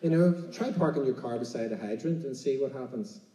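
Irish man, casual sermon, mellow tone, roomy room. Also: mid-range voice, fairly quick, far from the mic. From Ireland. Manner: chatty, keeps asking "right?". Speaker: preacher. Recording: roomy, from off mic.

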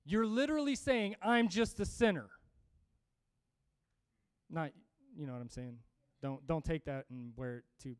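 Male preacher, high and clear voice, emphatic and lively sermon delivery, dry sound. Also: a little slow, long pauses, no echo. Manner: energetic, emphatic, with restarts and humor.

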